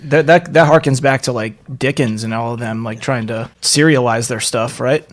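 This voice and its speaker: A man's voice: medium pitch, moderate pace. A young adult man hosting a podcast in casual chat, joking and rambling with many restarts. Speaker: podcast host.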